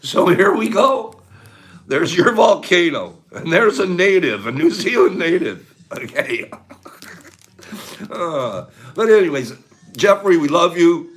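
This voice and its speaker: A man hosting a casual livestream, speaking in a slightly high voice that swings animatedly up and down. He gushes and laughs easily as he talks to his viewers. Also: big pitch swings, a little slow. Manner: effusive, gushing, laughs often. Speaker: livestream host.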